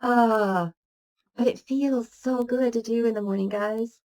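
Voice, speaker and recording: A woman's voice: on the high side, fairly even intonation, unhurried, darkish tone. A woman giving a motivational spiritual talk as a spiritual teacher, earnestly reciting long lists of affirmations.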